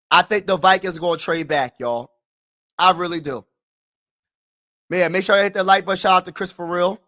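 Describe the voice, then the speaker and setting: A man runs a laid-back live stream, chatting with his viewers in slang and repeating himself. He swings between low mutters and frustrated shouts.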